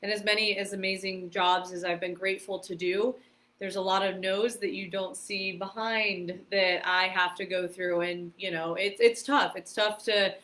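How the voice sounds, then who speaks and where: A woman's voice: medium pitch, fairly even intonation, moderate pace, bright, forceful tone. A woman talks casually as a podcast guest. She tells her stories with animation and frequent laughter. She leans on a lot of fillers. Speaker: podcast guest, karate competitor and stunt performer. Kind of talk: casual storytelling interview.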